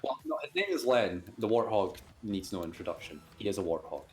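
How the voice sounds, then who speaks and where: A man hosting a comedy stream, making up a story on the spot in a halting, rambling way and laughing at himself. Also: on the low side, animated. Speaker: host and storyteller. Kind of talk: improvised comedy narration.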